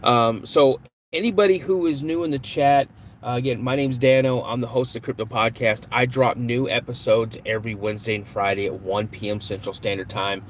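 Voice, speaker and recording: A man's voice: medium pitch, steady tone, moderate pace, slight background noise. A man hosting a live podcast stream, chatting casually with viewers, joking and greeting them. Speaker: podcast host.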